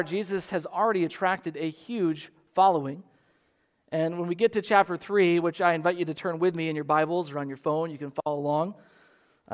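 A middle-aged man preaching a sermon, telling stories and acting out the voices of the people he quotes. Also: high-pitched. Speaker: pastor.

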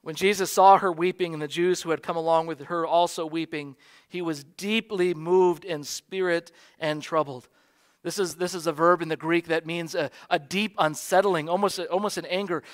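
American man, pastor; high-pitched, earnest sermon delivery, repeats lines softly. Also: steady tone, moderate pace. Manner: earnest preaching, soft repeated emphasis.

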